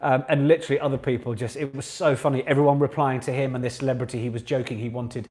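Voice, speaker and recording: A man hosts a live online charity pub quiz, chatty and animated, occasionally singing the quote answers. He speaks fast at a medium pitch.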